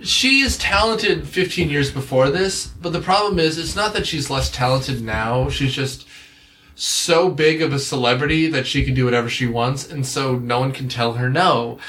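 A man's voice: mid-range voice, normal speed, bright, forceful tone. A man co-hosting a casual movie review chat, sarcastic and rambling, swearing freely. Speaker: podcast co-host.

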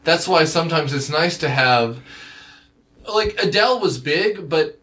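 A man's voice: a little high, expressive, a little slow, a bit bright. A man co-hosting a casual movie review chat, sarcastic and rambling, swearing freely. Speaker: podcast co-host.

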